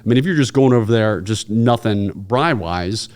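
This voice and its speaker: Man, fairly low voice, podcast guest, casual storytelling, acts out characters in his stories. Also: normal speed. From United States. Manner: lively storyteller who acts out the people in his anecdotes. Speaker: podcast guest, former intelligence officer and instructor.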